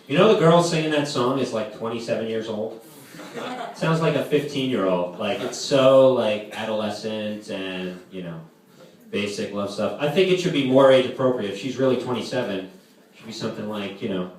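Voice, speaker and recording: A man's voice: on the low side, moderate pace. Rambling young man doing live stand-up. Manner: rambling, loaded with "like" fillers. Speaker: camp counselor doing stand-up. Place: camp hall with live audience. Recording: echoey distant room with noise.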